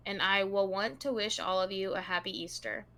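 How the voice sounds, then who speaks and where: Bright-voiced woman podcast host. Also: mid-range voice, fairly even intonation, a little fast, creaky. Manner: reads long passages aloud to a co-host in a casual tone. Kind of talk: true crime podcast chat.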